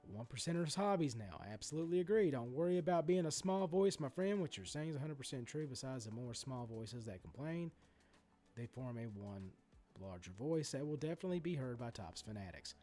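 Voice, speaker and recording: Animated, profane card-collecting ranter. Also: male voice, mid-range voice, a little fast, soft background music. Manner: animated, profane ranting with many asides and restarts. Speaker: sports card collector vlogger. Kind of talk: ranting vlog commentary.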